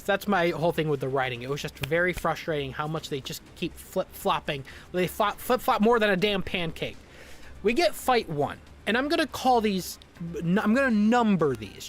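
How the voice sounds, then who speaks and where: A young man talks straight to his viewers in an exasperated, casual rant. He swears freely, stumbles and restarts his sentences, and a little music plays quietly under his voice. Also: high voice. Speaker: YouTube reviewer.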